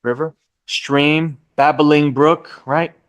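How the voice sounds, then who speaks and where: A man's voice: fairly high pitch, steady tone. A man teaching a live real estate licensing class, stretching out key terms and quizzing the class. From United States. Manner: drawn-out emphasis on key terms, asks the class questions.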